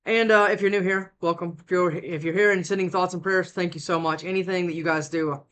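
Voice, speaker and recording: Talking fast in a lowish, steady, slightly bright voice, an exhausted woman does a casual tarot reading indoors at home. She speaks into a nearby desk mic, rambling and restarting often because she hasn't slept enough.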